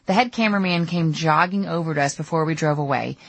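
Here the author, a middle-aged woman, narrates her memoir aloud at a quick pace. Her voice is low, the delivery candid and story-driven, and there's no echo at all.

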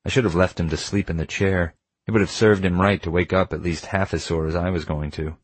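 A man narrating an audiobook in the first person, reading in a measured, intimate way. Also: low-pitched, fairly even intonation, breathy edge, no echo.

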